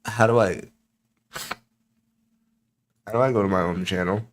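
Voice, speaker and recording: A young man streaming late at night, rambling and joking with himself in a tired, low voice that keeps getting sidetracked. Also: fairly even intonation, measured pace. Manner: rambling, self-mocking, easily sidetracked. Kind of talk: casual solo stream chat.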